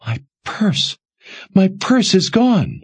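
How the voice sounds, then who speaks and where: A man's voice: fairly high pitch, sing-song, a little slow, husky, voice pushed up, full character voice. A man doing a frantic pleading young woman. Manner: pleading, breathless, rising to cries. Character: frightened young woman traveler, desperate.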